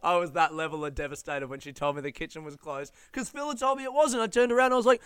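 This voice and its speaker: A young Australian man telling stories in a casual monologue, animated, laughing and swearing as he goes. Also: fairly high pitch, fast talker, few pauses, smooth, no echo, clean studio sound.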